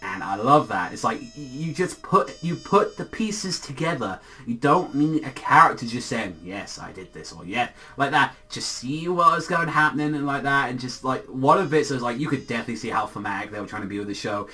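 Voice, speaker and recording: An excitable man talks through an anime episode in a loose, rambling review. His voice is bright and forceful, and he swears freely. He leans on "like" in nearly every sentence. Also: medium pitch, brisk, few pauses. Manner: excitable, profane, heavy use of filler "like".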